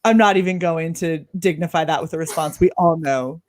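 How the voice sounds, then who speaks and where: A woman's voice: low voice, a little fast, a little mellow. A young adult woman hosting a casual livestream, reading chat comments aloud and laughing often. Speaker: host.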